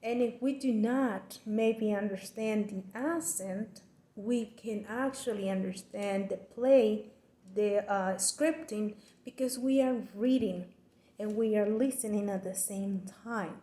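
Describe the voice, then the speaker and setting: A woman giving a class presentation, explaining with careful, deliberate phrasing and frequent restarts. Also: mid-range voice, mellow. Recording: echoey room.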